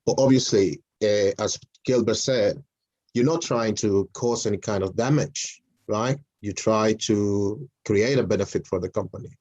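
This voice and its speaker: Man, Spanish accent, lower voice, halting and filler-heavy, dry muffled video-call audio. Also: darkish tone, dry recording. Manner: hesitant, many fillers and restarts. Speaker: mentoring session participant. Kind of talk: casual group video call.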